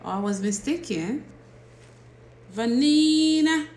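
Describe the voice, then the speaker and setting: Her medium-pitched voice is animated and fairly bright, with a roomy sound to it. This livestream host, who is also a teacher, talks slowly and casually, laughing often while she names and greets her viewers over a phone or laptop mic.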